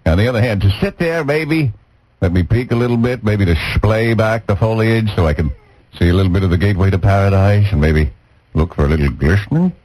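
A man's voice: on the low side, fairly quick, darkish tone, a little hiss or hum, poor audio. A man hosting a radio show, telling leering, rambling bawdy stories with chuckles. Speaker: radio host. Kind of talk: bawdy comedic radio talk. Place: radio studio. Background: music bed.

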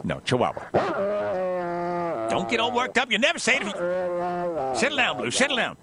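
A man's voice: sits high, sing-song, moderate pace, over a noisy crowd. A man hosting a comic radio show, rambling and ranting in jokes and talking to his dog. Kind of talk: comic radio talk with a sung parody.

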